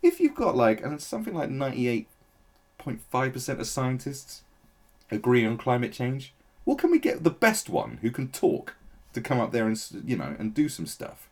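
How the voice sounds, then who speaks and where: A man's voice: mid-range voice, wildly swooping pitch, moderate pace. A man giving a blunt, profane, sarcastic rant as a political commentator. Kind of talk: ranting opinion commentary.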